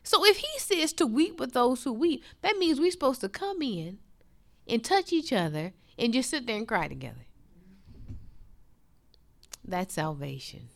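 Impassioned woman preacher, lively pitch. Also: unhurried, creaky, long pauses. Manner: impassioned, swings from loud to hushed. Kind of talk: sermon.

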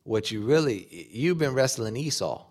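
A man delivers an animated sermon in a church or conference hall. His voice sits in an ordinary middle range, and he moves between building emphasis and quiet asides as he acts out short quoted exchanges. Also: mid-range voice, normal speed. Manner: animated preaching, acting out quoted dialogue. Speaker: preacher.

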